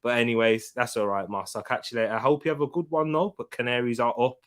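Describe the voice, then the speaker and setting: A young man hosting a live football watchalong stream from home, tired, chatting casually, giving slangy shout-outs and reading out viewers' comments. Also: medium pitch, steady tone, fast, clean tone. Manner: chatty, greets viewers and reads out chat comments.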